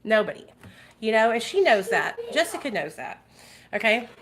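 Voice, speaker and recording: A woman streaming a casual chat, addressing her viewers directly and swearing freely. Her voice sits a little high and sounds bright and forceful. She talks in an animated, outspoken way. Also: normal speed. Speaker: vlogger. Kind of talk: casual livestream commentary.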